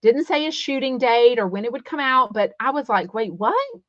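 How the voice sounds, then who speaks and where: A woman's voice: on the high side, fairly quick, no room sound, muffled recording. Chatty Texan woman gossip host. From Texas. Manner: chatty and opinionated, many fillers and quoted asides. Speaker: podcast host. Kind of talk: casual celebrity gossip chat, reading live comments.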